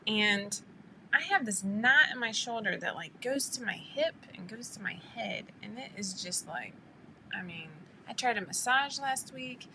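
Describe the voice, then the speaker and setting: A woman's voice: medium pitch, animated, a little slow, background noise. A woman hosting a casual live stream who rambles chattily and greets her viewers by name. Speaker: live stream host for a sewing pattern company.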